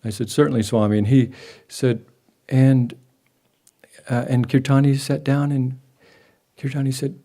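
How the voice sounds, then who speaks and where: Older guy with a mellow voice slowly telling a story, lots of pauses and restarts. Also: medium pitch, flat delivery. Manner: halting, with many restarts and soft pauses. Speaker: devotee sharing a memory. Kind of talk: personal storytelling at a memorial gathering. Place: gathering hall with a live audience.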